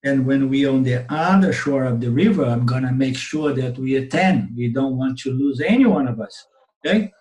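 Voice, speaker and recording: A Vedanta teacher whose first language is Portuguese speaks with a Brazilian Portuguese accent, telling a teaching story in an online class and often checking in with "okay?" His voice is medium-pitched, moderately paced, and a little mellow, in roomy webinar audio with slight background noise.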